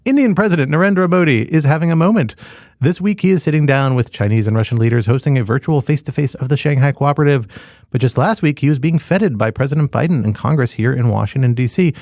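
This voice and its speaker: A middle-aged male podcast co-host lays out the week's topics, slipping in playful wordplay. His voice has a gravelly edge, and the recording is dry and close. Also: medium pitch, fast, mellow, dry recording. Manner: playful, punning topic rundown. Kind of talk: casual panel discussion.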